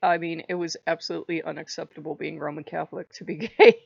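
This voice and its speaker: Gravelly low woman chatting casually. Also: fairly even intonation, quick pace, a little mellow, dry recording. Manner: rambling, laughs often, frank with swearing. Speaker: vlogger. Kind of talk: casual chat. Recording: dull lo-fi recording.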